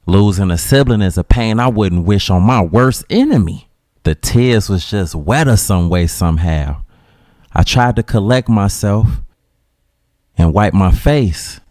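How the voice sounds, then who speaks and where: A man with a Chicago accent narrating a dramatic story in a slangy, casual way with dramatic pauses. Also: on the low side, expressive, a little mellow, dry recording, studio quality.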